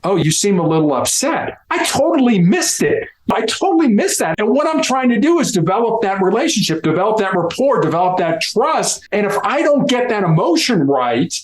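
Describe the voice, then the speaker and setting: A man with a slightly raised pitch explains negotiation technique in a lively, animated way and slips into the voices of the people he quotes. His voice carries a roomy echo. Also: moderate pace, hardly any pauses. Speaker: guest, former hostage negotiator. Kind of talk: explanatory interview talk with role-play examples.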